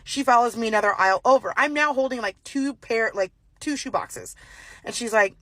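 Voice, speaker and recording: A woman telling a personal story in casual chat, acting out the voices of the people in it with big jumps in pitch. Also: fairly quick. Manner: animated, acts out dialogue with exaggerated pitch jumps. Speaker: storyteller recounting a personal encounter.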